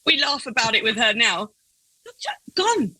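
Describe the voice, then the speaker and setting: This middle-aged woman, a foster carer, laughs her way through a story in an informal interview, animatedly imitating herself and other people. Her mid-range voice is slightly rough and set at a moderate pace, captured in a rough recording without echo.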